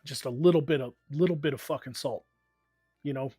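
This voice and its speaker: A man's voice: mid-range voice, a little fast, mellow, slightly rough, dry recording, studio quality, soft background music. An American man streaming and chatting casually, telling rambling, profane stories with lots of fillers. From United States. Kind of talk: casual chat.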